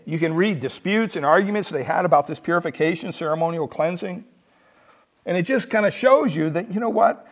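Male pastor, slightly high voice, lively sermon delivery with emphatic swells. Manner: animated storytelling, rising to emphatic peaks.

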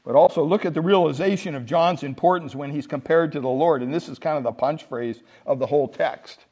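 A male pastor delivers a sermon, his voice sitting a little higher than most men's. He leans hard on key words and keeps asking the congregation questions. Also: brisk, darkish tone, slightly rough. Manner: emphatic preaching, rhetorical questions to the congregation.

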